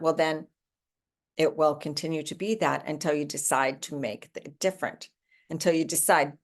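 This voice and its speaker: A woman in her sixties speaks in a low voice, relaxed and conversational. Her talk is encouraging and motivational. Now and then she slips into playful quoted voices. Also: moderate pace. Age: 60s. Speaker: host giving a morning talk.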